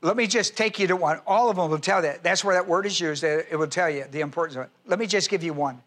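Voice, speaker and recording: A man preaching a sermon, citing scripture references and slowly repeating key phrases for emphasis. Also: a little high, a bit bright. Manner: spells out words and cites scripture references in a teaching tone. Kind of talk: sermon teaching.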